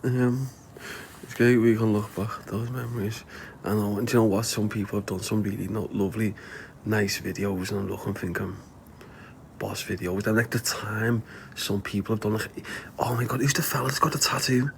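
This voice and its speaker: A man's voice: fairly low pitch, fairly even intonation, normal speed, creaky, slight background noise. Rambling Liverpool man, swearing and laughing. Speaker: livestreamer. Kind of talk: casual livestream chat.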